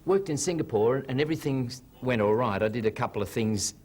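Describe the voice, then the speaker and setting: A man's voice: mid-range voice, fast, darkish tone, husky. A man chatting while he paints on a television talk show, narrating his brush strokes and telling jokes. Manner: rambling, self-narrating, jokey. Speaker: guest painter. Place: TV studio.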